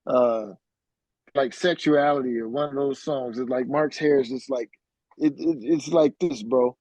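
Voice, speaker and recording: A middle-aged man, a musician being interviewed, telling a story in a casual, animated way and acting out what others said. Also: medium pitch, unhurried, dry recording, low-quality recording. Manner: animated, acts out quoted voices.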